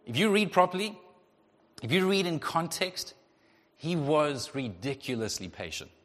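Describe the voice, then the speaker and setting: Animated male pastor in an echoing hall. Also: fairly high pitch, unhurried. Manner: animated, acts out voices of God and the Israelites. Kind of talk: sermon. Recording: long hall reverb.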